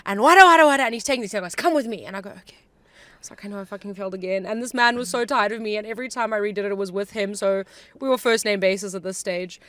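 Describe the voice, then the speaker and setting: A young woman, telling stories in casual chat in a car, lively and quick to act out what others said. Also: mid-range voice, no room sound. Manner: lively, acts out quotes with laughter. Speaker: podcast co-host.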